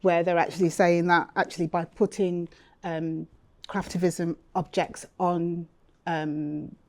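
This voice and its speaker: A woman moderates a panel conversation with a lowish pitch and a mellow tone. She builds her questions haltingly, pausing and searching for the right words. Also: level tone. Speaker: interviewer, academic.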